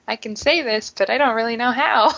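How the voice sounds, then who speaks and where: Bright-voiced woman guest on a dull line. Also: a little high, animated, normal speed. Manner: hesitant, many "like" and "um" fillers. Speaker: podcast guest. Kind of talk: repeating phrases and casual talk.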